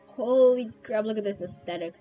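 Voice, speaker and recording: A young woman talks her chat through a story game in a quick, excitable patter, often breaking into laughter. Her voice sits a little on the high side, with soft game music just audible behind her. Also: dull audio. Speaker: streamer. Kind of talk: casual game commentary.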